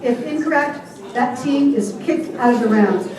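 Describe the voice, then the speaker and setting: An older woman with a high voice hosts a group game, reading the rules aloud playfully at a normal speed. She's in a large hall before an audience, picked up from a distance with echo and crowd noise.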